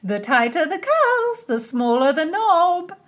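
Lady doing a squeaky gushy princess, flirty and haughty, storybook reading. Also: takes it slowly, heavily acted. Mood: gushing. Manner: gushing, flattering.

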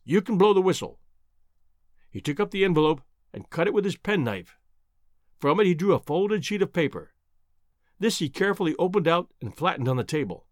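A man reads an adventure story aloud, his voice fairly high for a man and full of expressive rises and falls. The recording is dry and close, with no room sound at all. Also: dry recording. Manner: measured, descriptive storytelling. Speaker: audiobook narrator. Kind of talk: scripted narration.

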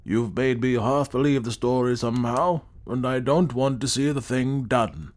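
A man voicing a frightened, earnest gentleman who speaks with intensity. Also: mid-range voice, moderate pace, pitched above the performer's own voice, close to an everyday voice.

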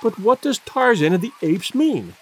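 A man's voice: high voice, sing-song, moderate pace, some chatter behind, slight background noise, voice pushed up. A man voicing an eager, anxious young woman pleading with her father.

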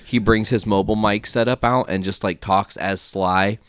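A man with a fairly low voice chats on a podcast, animated and quick to joke, swearing without a second thought. The sound is close and dry, with no room behind it. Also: clear, resonant tone, dry recording. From small town in Indiana. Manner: animated, joking, swears freely. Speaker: podcast co-host. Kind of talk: casual podcast chat.

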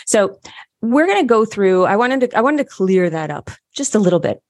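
A woman's voice: medium pitch, very animated, moderate pace. A woman giving a motivational teaching talk, upbeat and emphatic, repeating phrases for stress. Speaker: human design teacher.

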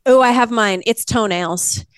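A woman guest on a talk show, telling stories in a lively, emphatic way. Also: fairly high pitch, unhurried, smooth, no echo. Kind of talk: casual conversational interview.

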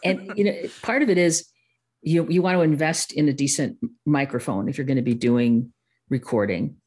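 A woman's voice: a bass voice, normal speed, a little mellow, breathy edge. A woman from the US Midwest with a Midwestern accent, a guest expert in casual, self-deprecating interview chat who laughs often. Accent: Midwestern American. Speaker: guest, course-creation expert.

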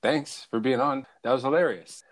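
A man's voice: mid-range voice, normal speed, no echo, clean studio sound. A man hosting a podcast, chatting casually and joking around with a guest, swearing freely. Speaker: podcast host. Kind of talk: casual interview chat.

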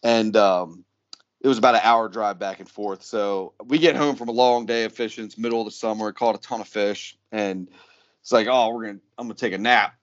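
A man's voice: on the low side, moderate pace, lo-fi sound. A man co-hosting a podcast, telling a story in casual, profane chat and laughing as he goes. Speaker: podcast co-host.

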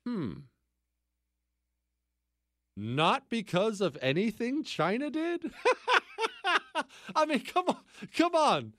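Animated sarcastic male radio host. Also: very high-pitched, slow pace, pauses often, no echo, clean studio sound. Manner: sarcastic, mocking repetition; incredulous outbursts. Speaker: radio talk show host. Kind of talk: political commentary monologue.

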